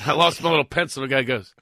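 A man's voice: fairly high pitch, vocal fry, no room sound. A man from Philadelphia with a Philadelphia accent, a comedian guest on a studio talk show, telling jokes and stories in punchy bursts. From Philadelphia, USA. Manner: punchy joke-telling, animated storytelling. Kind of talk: studio chat with comic stories.

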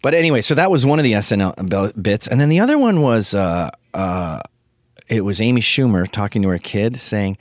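A man's voice: fairly low pitch, animated, brisk, dry recording, studio quality. A man in his fifties ranting in a casual comedy monologue, profane and opinionated. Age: 50s.

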